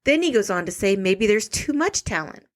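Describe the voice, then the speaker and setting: Lively, teasing woman podcast co-host. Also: medium pitch, normal speed. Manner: teasing, reads out reviews and facts. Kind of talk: casual comedic chat.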